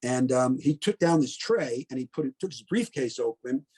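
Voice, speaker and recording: An older man in his seventies, originally from Connecticut, shares his memories in an unhurried oral history interview. His voice sits at an ordinary middle pitch. He is plainspoken and sometimes blunt, stopping to think and correct himself as he tells it in the present tense. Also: expressive, a little mellow, breathy edge. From Connecticut, USA. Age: 70s. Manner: plainspoken, blunt, reflective, with many "um"s and "you know"s. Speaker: veteran interviewee.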